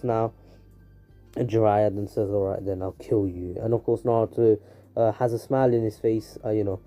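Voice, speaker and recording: Man, casual storyteller, rambling with fillers, low mellow voice, faint music behind. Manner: rambling, full of "you know" and "anywho" fillers. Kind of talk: casual fan-story narration.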